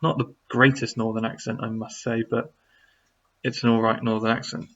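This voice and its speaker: A man's voice: medium pitch, level tone, normal speed, a bit bright, dull audio, slight background noise. A man who speaks, casually answering viewer questions on a live stream, rambling with lots of fillers as he reads the chat.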